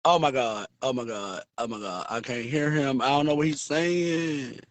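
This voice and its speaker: A man hosting a casual livestream, talking in a flamboyant, sassy and profane way, with big swings in pitch. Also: moderate pace, dry recording. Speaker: livestream host.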